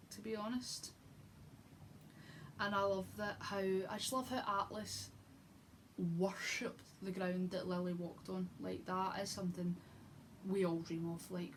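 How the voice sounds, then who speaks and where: A young book vlogger gushes her way through a casual book review, full of fillers and restarts. Her voice is mid-range, with a little noise in the background.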